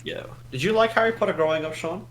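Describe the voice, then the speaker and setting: A man's voice: fairly high pitch, animated, fast, fairly bright tone, a little hiss or hum, poor audio. A young man co-hosting a podcast, chatting casually and teasing his friends. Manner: teasing, joking. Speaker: podcast co-host. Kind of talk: casual chat.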